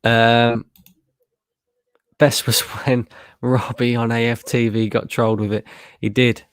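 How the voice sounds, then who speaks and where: A man's voice: mid-range voice, flat delivery, slow, clean tone, no echo. A young man from Lincolnshire streaming a live football watchalong, reading chat aloud, chatty and sweary, laughing often. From Lincolnshire, England.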